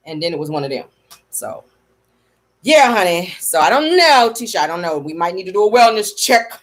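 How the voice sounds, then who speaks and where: A woman's voice: lowish voice, sing-song, brisk. A woman hosting a casual comedic livestream, sassy and chatty, calling her viewers honey and y'all. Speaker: livestream host.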